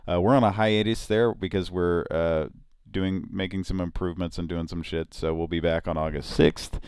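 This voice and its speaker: A man's voice: deep voice, fairly even intonation, normal speed, a little mellow, smooth, no echo, clean studio sound. A man co-hosting a live online show, chatting casually and rambling with frequent restarts. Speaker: podcast host. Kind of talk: casual live-stream chat.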